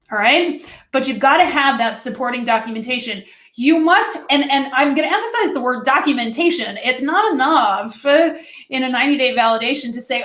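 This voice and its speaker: A woman presents a training session in a relaxed, conversational way, speaking straight to her listeners as if they were friends. Her voice sits a little high. The recording has a noticeably roomy echo. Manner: chatty and direct, talks to listeners as friends. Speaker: food safety consultant presenting a webinar.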